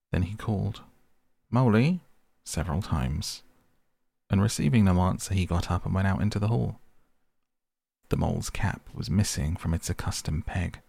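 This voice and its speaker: A man gently reading a classic novel aloud as a softly spoken bedtime story to help listeners sleep. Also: low-pitched, creaky, slightly rough, no room sound. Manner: slow, gentle and soothing. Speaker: podcast host and audiobook reader.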